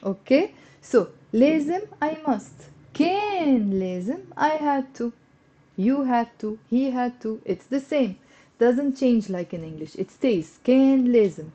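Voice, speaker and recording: A woman teaching a live online language lesson. She explains patiently, repeats phrases slowly and encourages her students as she goes. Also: a little high, animated, mellow, dull audio. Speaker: Lebanese Arabic teacher.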